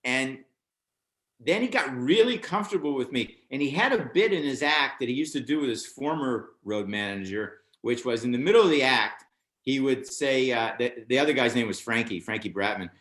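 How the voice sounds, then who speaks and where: An older American man recounts his early comedy days in a relaxed interview. He talks in an animated way, his pitch leaping up whenever he quotes someone else. The sound carries a roomy echo. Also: moderate pace. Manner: animated, acts out other people's lines with raised voice. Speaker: stand-up comedian guest. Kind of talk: storytelling anecdote in a casual interview.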